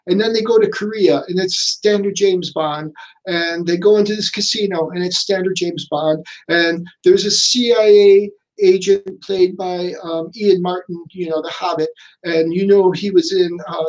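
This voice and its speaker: A chatty man with a high voice talks through a film review in a loose, rambling way. He stumbles, restarts and fills gaps with "you know" and "um." Now and then he acts out lines in quick put-on voices. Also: poor audio. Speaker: podcast host reviewing a film. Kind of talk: casual spoken review.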